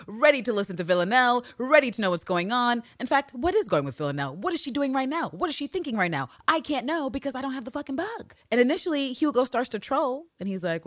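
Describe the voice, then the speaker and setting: A woman co-hosting a podcast, retelling scenes in an animated, profane way and acting out the characters' lines. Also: fairly high pitch, quick pace, few pauses, dry recording, studio quality. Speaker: podcast co-host. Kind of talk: casual recap chat.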